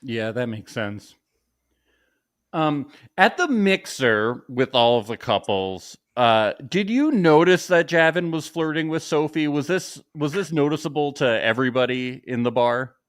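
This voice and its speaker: A man's voice: medium pitch, lively intonation, unhurried, clear, resonant tone. A man co-hosting a podcast, asking a guest playful, teasing questions over a video call. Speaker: podcast co-host. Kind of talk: casual interview questions.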